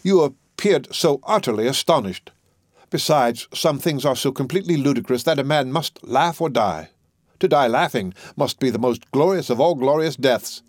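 A man's voice: medium pitch, lively intonation, moderate pace, no room sound, clean studio sound, lightly acted. A man voicing an eccentric wealthy host who swings from mocking laughter to musing cordiality in a storybook reading. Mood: flamboyant. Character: eccentric wealthy male host, theatrical and mercurial.

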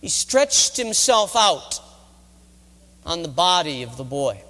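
A man's voice: fairly high pitch, very animated, takes it slowly, sharp tone. A middle-aged man, a college chaplain, retelling a Bible story in a dramatic sermon. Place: college chapel. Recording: reverberant chapel hall.

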